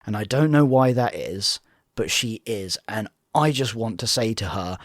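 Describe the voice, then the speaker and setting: A man's voice: fairly low pitch, animated, normal speed, no room sound, clean studio sound. A man co-hosting a casual reality TV reaction chat, breaking the show down analytically. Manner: analytical, mimics voices in quotes.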